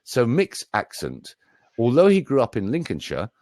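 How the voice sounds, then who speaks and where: A man's voice: mid-range voice, wildly swooping pitch, moderate pace, a little mellow, no room sound, clean studio sound. A middle-aged British man, a voice coach, chatting in a jokey, show-off way. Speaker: voice coach and speaker. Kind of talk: casual live chat.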